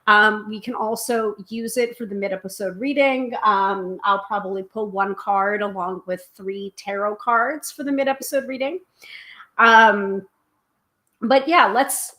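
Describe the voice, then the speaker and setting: A woman from the United States hosting a tarot live stream. She talks casually and quickly, with many filler ums, and reads viewer comments aloud. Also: mid-range voice, pushed and bright.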